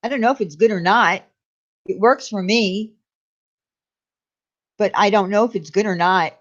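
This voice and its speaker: A woman's voice: mid-range voice, normal speed, lo-fi sound. A woman hosting a casual live chat with viewers, speaking candidly and confidingly and greeting them by name. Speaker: live stream host.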